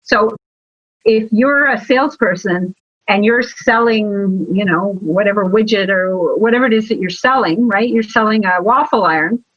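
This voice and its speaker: A woman guest talking about sales and marketing in a lively interview, telling stories with emphatic, animated asides. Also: medium pitch, normal speed, no room sound. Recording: slightly dull, lo-fi sound.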